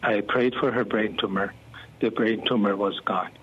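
A man puts on a male caller who recounts everything in a flat, emotionless monotone. The voice sits lower than his usual, slightly husky. The recording is muffled and lo-fi. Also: normal speed.

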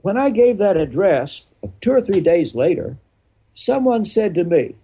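A man's voice: high voice, very animated, normal speed, mellow, slightly rough. An older man, a retired pastor being interviewed, explaining his views emphatically and answering his own rhetorical questions.

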